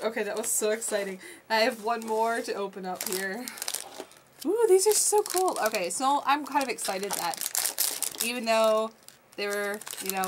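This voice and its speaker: A woman vlogging a toy unboxing in a casual, gushing, excitable chat at her desk. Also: medium pitch, noisy background. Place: desk at home.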